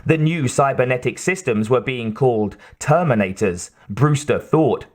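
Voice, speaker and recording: An audiobook reader narrates in a measured, steady manner, using a mid-range male voice.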